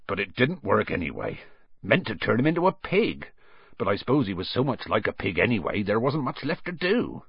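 A man voicing a big, gruff, kindly gamekeeper who rumbles and hesitates with ums and uhs. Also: wildly swooping pitch, a little fast, dry recording, lo-fi sound, exaggerated voice. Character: huge gruff kindly male gamekeeper, older.

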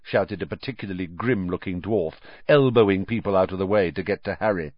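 A man narrating a children's fantasy audiobook in an expressive, animated reading. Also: low voice, a little fast, no echo, lo-fi sound. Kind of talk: scripted narration.

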